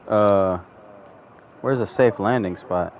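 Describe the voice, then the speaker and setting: A man hosting a podcast, chatting casually and jokingly while playing a game with friends, breaking into loud exclamations. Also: fairly low pitch, takes it slowly, muffled recording, a loud crowd. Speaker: podcast host. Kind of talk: casual gaming chat.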